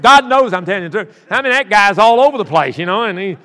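A man's voice: sits high, animated, fast, sharp tone. A middle-aged man preaching a sermon, folksy and rambling, with many restarts as he tells stories. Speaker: pastor. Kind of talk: sermon with storytelling. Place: church sanctuary. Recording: long church reverb.

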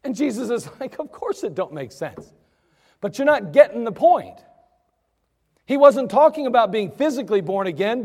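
A man preaching a sermon as pastor, emphatic, acting out the voices he quotes. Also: very high-pitched. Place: church sanctuary. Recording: church sanctuary with long reverb.

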